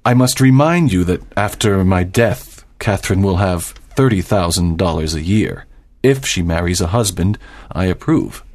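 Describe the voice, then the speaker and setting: A man's voice: low voice, normal speed, a little mellow. A man voicing a stern, proud doctor and father in a dramatized audiobook, speaking formally and with emphasis.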